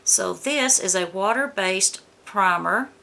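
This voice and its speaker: A woman's voice: mid-range voice, animated, slow, gravelly, pushed and bright. A woman from the American South chatting casually through a beauty box unboxing. She reads product blurbs aloud and stumbles over the product names. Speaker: beauty vlogger.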